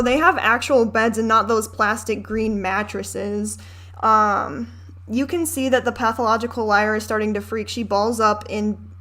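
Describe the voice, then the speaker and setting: A woman's voice: mid-range voice, a bit bright. A woman in her twenties giving candid, chatty commentary over a film, swearing and ranting as she goes. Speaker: reaction video host.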